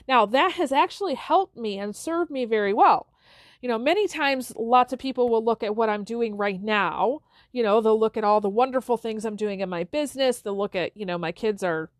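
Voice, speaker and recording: A middle-aged woman talks alone into a close microphone on her podcast, earnest and reflective, stopping and restarting often. Her voice sits a little high, and the recording is dry with no room sound. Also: dry recording. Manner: earnest, halting, with frequent fillers and restarts. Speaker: podcast host. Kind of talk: reflective solo podcast talk.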